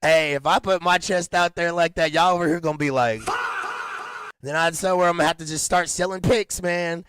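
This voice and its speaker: A man's voice: a little high, fairly even intonation, brisk, background noise. A man hosting a casual podcast chat, rambling in slang with frequent restarts and laughter. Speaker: podcast host.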